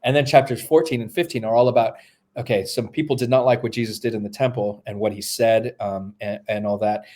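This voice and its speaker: A man's voice: fairly low pitch, fairly even intonation, a little fast, a little mellow. A male New Testament scholar, a podcast guest, explaining texts step by step while thinking aloud with many fillers and restarts. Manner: lecturing, walks through texts step by step.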